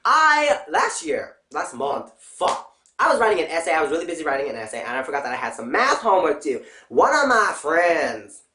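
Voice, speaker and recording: A young adult woman vlogging in a casual, profane, blunt rant with an animated delivery. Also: low voice, a little fast. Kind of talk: casual ranting vlog. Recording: roomy echo.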